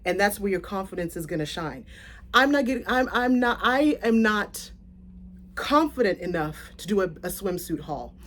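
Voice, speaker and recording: Chatty, animated woman vlogger. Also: medium pitch, moderate pace. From South Florida. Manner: chatty and animated, often laughing and correcting herself. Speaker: content creator. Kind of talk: casual vlog chat.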